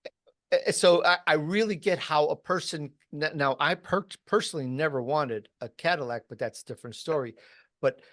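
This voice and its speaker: A man's voice: fairly high pitch, a little fast, fairly bright tone, dry recording, studio quality. A man hosting a podcast, chatting casually with his guest and sprinkling his talk with fillers. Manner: conversational, uses fillers like "like". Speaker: podcast host. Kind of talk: casual interview chat.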